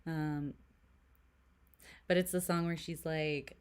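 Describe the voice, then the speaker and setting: A woman's voice: low voice, steady tone, slow pace, long pauses, clear, resonant tone. A woman from Canada doing a casual tarot reading to camera, chatty and giggly, full of "like" and dropping into whispered asides. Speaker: tarot reader.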